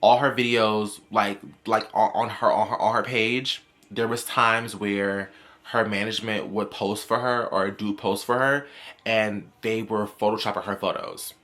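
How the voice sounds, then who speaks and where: New guy doing storytime commentary, kinda low but bright and punchy, keeps repeating himself. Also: unhurried. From New York. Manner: chatty, repetitive, animated storytelling. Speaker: commentary vlogger.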